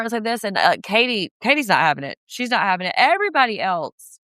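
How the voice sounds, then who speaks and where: A woman's voice: mid-range voice, sing-song, fast talker, a bit bright, no echo, studio quality. A woman co-hosting a podcast, ranting casually and with profanity as she recaps a reality show. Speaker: podcast co-host.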